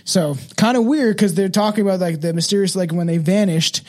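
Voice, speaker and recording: A man's voice: sits high, fairly quick, darkish tone. A man hosting a podcast, chatting casually and reading from notes with many fillers and restarts. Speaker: podcast host.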